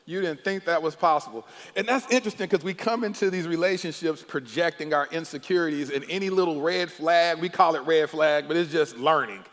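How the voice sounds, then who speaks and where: A middle-aged man leads a church panel on marriage, loud and animated, often breaking into laughs. His voice sits a bit high for a man. The sound rings with the long reverb of a large hall. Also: brisk, hardly any pauses. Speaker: pastor hosting a married-couples panel. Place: church sanctuary.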